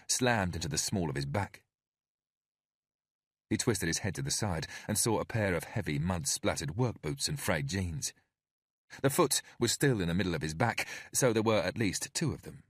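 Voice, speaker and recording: Male audiobook narrator, very low voice, lively pitch, measured storytelling. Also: slightly rough, dry recording, studio quality. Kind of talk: scripted narration.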